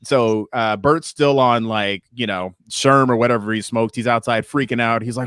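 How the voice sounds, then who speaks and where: A man co-hosting a podcast in a relaxed chat, with a voice in the middle of the male range. He tells stories with energy and acts out each character's lines. The recording is dry and close. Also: mid-range voice, normal speed, few pauses, clean tone, no room sound. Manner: animated storyteller acting out voices. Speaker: podcast co-host. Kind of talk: casual chat.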